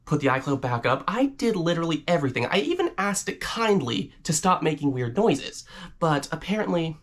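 A man from Ontario with a Canadian accent, talking casually to camera while sick, his voice deepened and rough, brash and swearing. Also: big pitch swings, fairly quick, fairly bright tone. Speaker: vlogger host. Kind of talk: casual profane vlog chat.

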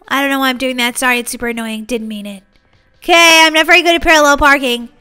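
A bubbly, excitable woman hosting a gaming channel, giggling and chatting to her fans as she plays. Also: sits high, fast talker, faint music behind. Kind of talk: playing a video game and commenting.

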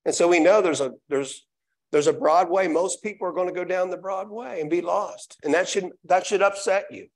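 A man's voice: high voice, moderate pace. A man preaching a live sermon in a church, reading scripture aloud and then restating it with emphatic repetition. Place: church sanctuary.

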